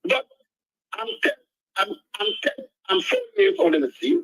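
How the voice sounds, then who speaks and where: A man, calling in to a talk show and rambling in an impassioned way with drawn-out words. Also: very high-pitched, very animated, vocal fry, fairly bright tone, no room sound, rough recording. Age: 60s. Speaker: caller. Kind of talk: call-in talk radio.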